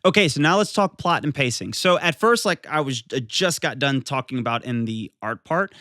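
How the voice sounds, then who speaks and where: Excited rambling man reviewing manga, dry sound. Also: medium pitch, moderate pace, dry recording. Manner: enthusiastic, rambling with many fillers and restarts. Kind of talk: casual video review.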